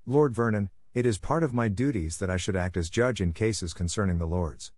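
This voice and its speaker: Audiobook role: a steady, formal military lord, read by a man, low voiced. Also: moderate pace, no echo, clean studio sound, lightly acted. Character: steady veteran lord marshal.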